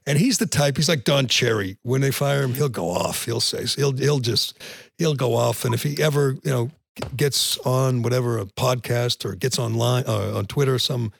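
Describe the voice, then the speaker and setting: A man's voice: medium pitch, moderate pace, creaky, no room sound, studio quality. A man hosting a podcast, ranting bluntly about sports with frequent restarts. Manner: blunt, ranting, repeats words when starting sentences. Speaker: podcast host. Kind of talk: opinionated sports talk.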